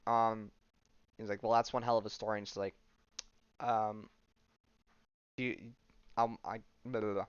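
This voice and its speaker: Podcast dude retelling a comic, "she's like" every line, smooth voice, bit muffled. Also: fairly low pitch, little pitch movement, moderate pace, long pauses, no room sound. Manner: rambling, full of "she's like" and fillers. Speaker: podcast host. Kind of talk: casual retelling of a comic story.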